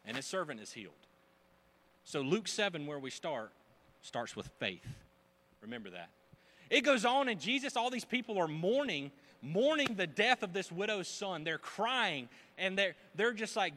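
Guy pastor preaching hard, bright sharp voice, loud then quiet. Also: high voice, normal speed. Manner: animated, emphatic preaching with swings from loud to hushed. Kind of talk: sermon.

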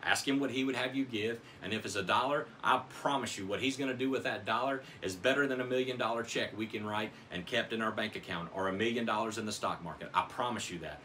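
A man's voice: on the low side, fast, hardly any pauses, pushed and bright, a little hiss or hum. A man preaching a sermon as pastor of his church, earnest and dramatic in his scripture reading.

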